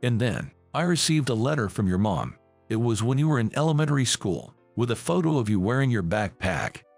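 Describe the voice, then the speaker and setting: A man's voice: medium pitch, sing-song, a little fast, no echo, soft background music. A man reading the part of an older company president who is a remorseful father, in a storybook reading. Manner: earnest, apologetic.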